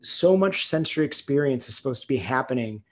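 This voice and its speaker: A man hosts a casual podcast chat at a middle pitch. He thinks aloud as he talks, searching for words and leaning on lots of fillers. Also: expressive, brisk.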